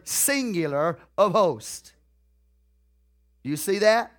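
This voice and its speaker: This sermon comes from a man whose voice sits high and sounds animated; he stretches out repeated key phrases with deliberation and puts questions to his listeners in the congregation.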